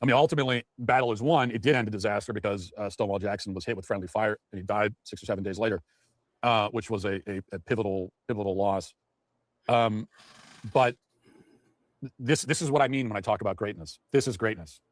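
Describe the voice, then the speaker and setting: A man's voice: fairly low pitch, quick pace, dry recording. A man giving heated, mocking political commentary. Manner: indignant, mocking, ranting.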